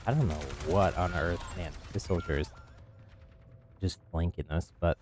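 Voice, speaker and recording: A man's voice: deep voice, normal speed, noisy background. A man casually commenting on his gameplay live, chatty and easygoing, laughing at himself, on a desk mic. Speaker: streamer playing with viewers.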